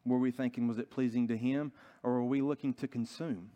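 Man, pastor, earnest sermon, storytelling, frequent restarts, mid pitch. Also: fairly even intonation, fairly quick, dark tone, muffled recording. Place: church.

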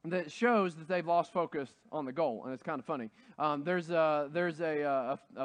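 A man preaching a sermon in a casual, conversational way, full of fillers and restarts, growing loud and excited when he retells a story. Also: high-pitched. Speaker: pastor.

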